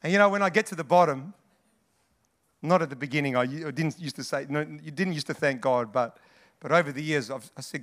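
A male pastor preaches in a high, bright voice. He talks to the congregation in a lively, chatty way and calls out to the room as he goes. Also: a little fast. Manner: animated, conversational preaching with asides to the congregation. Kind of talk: sermon.

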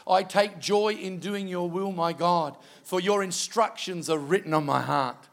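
This high-voiced, middle-aged Australian man is a pastor delivering a sermon. He recounts a personal story with animation, dropping in quiet asides along the way.

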